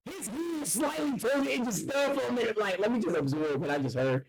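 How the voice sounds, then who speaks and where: A young man co-hosting a casual podcast, excitable and profane, repeating words when he gets worked up. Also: high-pitched, fairly quick, a loud crowd. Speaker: podcast co-host.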